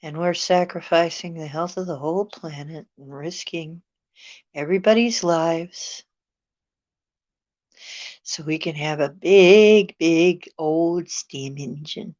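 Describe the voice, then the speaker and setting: Slow, sarcastic woman host. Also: sits low, darkish tone, dull audio. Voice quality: sarcastic, rambling. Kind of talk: casual talk show chat.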